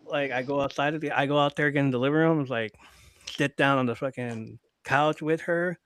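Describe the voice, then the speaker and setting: A man hosting a live podcast in loose, profane storytelling mode, swinging between hushed asides and louder bursts as he reads comments from the chat. His voice sits at an everyday male pitch, and the sound is close and dry with no room around it. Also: brisk, clean tone, no room sound. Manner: profane, animated retelling of family stories. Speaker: podcast host.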